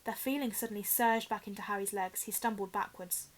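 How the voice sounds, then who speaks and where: A woman teacher reading a children's novel aloud in an expressive, dramatic way. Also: mid-range voice, a little fast, poor audio.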